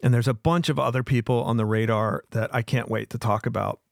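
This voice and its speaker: A man's voice: medium pitch, fairly even intonation, fairly quick, vocal fry, no room sound. Man, show host, earnest solo monologue, mid-range voice, dry room. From American South. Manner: earnest, emphatic, repeats himself. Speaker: podcast host.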